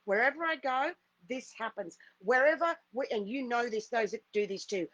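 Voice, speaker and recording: A woman's voice: fairly high pitch, normal speed, fairly bright tone, dry recording, highs cut off. A middle-aged woman, a spiritual healer, telling a personal story in an earnest, repetitive, emphatic way. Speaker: spiritual healer hosting a live stream.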